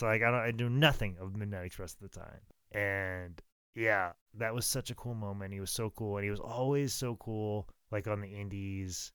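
A man's voice: lowish voice, moderate pace, a bit bright, clear, resonant tone, dry recording. Profane, rambling man telling wrestling stories. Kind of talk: casual storytelling.

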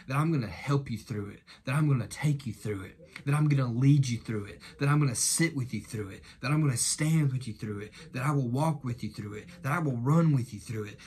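A man voicing a gentle, consoling Jesus who speaks softly and repeats his comforting reassurances. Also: mid-range voice, husky.

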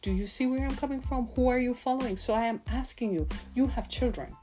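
A woman in her fifties delivers a heartfelt sermon, pressing her listeners with question after question. Her voice sits a little high for a woman. Soft music plays faintly behind her. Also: fast talker. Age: 50s. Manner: impassioned, full of rhetorical questions to listeners. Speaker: preacher.

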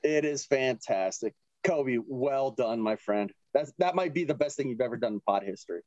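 A man's voice: mid-range voice, lively intonation, moderate pace, darkish tone, no room sound, highs cut off. A young man co-hosting a casual podcast, loose, profane and laughing easily. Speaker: podcast co-host.

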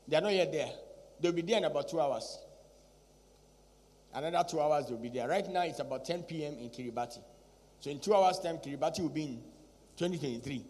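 A man's voice: on the high side, darkish tone, big-room sound. A male pastor preaching a sermon, repeating his points and pressing the listeners with rhetorical questions.

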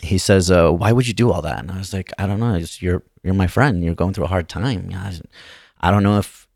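A man, a guest comedian, telling a long personal story on a podcast in a casual, halting way with many restarts. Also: low voice, a little mellow, no echo, studio quality.

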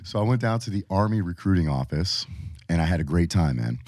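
A man with a low, deep voice tells his story as a podcast guest, easygoing and chatty. He slips into animated impressions of the people he quotes. The sound is dry and close. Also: brisk, dry recording. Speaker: podcast guest, Marine Corps veteran. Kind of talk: casual storytelling.

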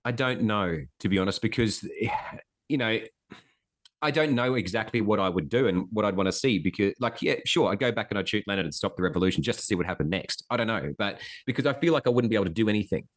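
A man with a fairly low voice talking casually. He tells history stories wryly, full of asides and gossip. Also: expressive, fast talker. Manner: chatty, wry storyteller with asides and laughs. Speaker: podcast guest. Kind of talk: casual conversation.

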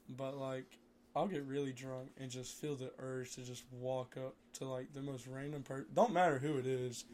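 A young man in casual podcast chat, brash and profane, laughing loudly at his own jokes. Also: mid-range voice. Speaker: podcast guest.

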